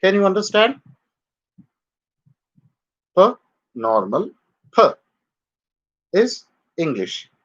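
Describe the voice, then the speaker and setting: Guy teaching pronunciation on a live stream, slow and bouncy, kinda muffled lo-fi sound. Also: fairly high pitch, animated, fairly bright tone. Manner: slow, drilling words for students to repeat. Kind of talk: live online pronunciation lesson.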